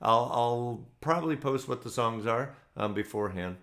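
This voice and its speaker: A man's voice: medium pitch, animated, normal speed, a bit bright. A man hosting an online ukulele play-along, signing off casually in a loose, rambling way with many ums. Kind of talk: casual sign-off to online viewers.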